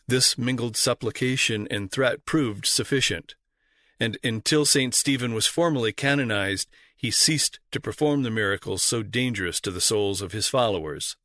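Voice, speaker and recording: Man, audiobook narration, formal and measured, crisp bright tone, dry close sound. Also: medium pitch, dry recording. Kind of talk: scripted narration.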